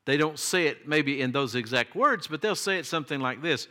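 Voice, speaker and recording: A man preaching a sermon, emphatic, his voice jumping high when he quotes cries and pleas. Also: animated, fairly quick, few pauses, pushed and bright. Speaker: pastor.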